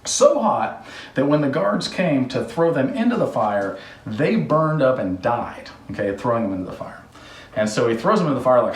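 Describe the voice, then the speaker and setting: A man's voice: mid-range voice, big pitch swings, normal speed. Chatty man on a roomy DIY vlog. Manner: chatty, rambling, jokey. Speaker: host, contractor. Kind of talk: casual DIY vlog with storytelling. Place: house under renovation. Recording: roomy sound from off-mic.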